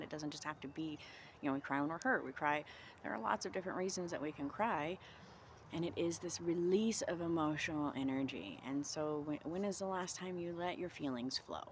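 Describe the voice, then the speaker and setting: A woman vlogging outdoors in the cold, talking through reflective self-help questions in a gentle, encouraging way. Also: low-pitched, slight background noise.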